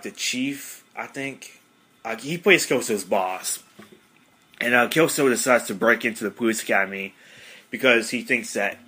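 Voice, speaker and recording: A man's voice: lowish voice, pushed and bright. A man hosting a casual podcast monologue, rambling with many fillers. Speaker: podcast host.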